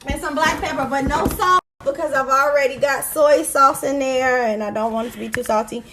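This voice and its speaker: A woman's voice: high-pitched, a little fast, a bit bright, a little hiss or hum, low-quality recording. A woman hosting a home cooking video, chatty and explaining each step as she cooks in her kitchen. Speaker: cooking show host. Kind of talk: casual cooking demonstration.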